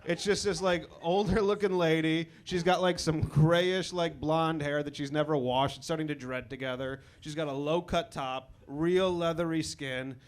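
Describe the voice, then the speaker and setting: A man from Chicago performing a stand-up comedy set, telling stories in a wry, conversational, self-deprecating way with quick asides. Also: a little high, fairly even intonation. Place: comedy club stage with a live audience.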